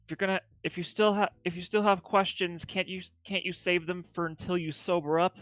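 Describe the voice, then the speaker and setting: A woman's voice: on the low side, little pitch movement, fairly quick, no room sound, soft background music, voice pushed down, lightly acted. A woman voicing a weary, exasperated man in a tabletop game. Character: weary sober-minded man Ryu.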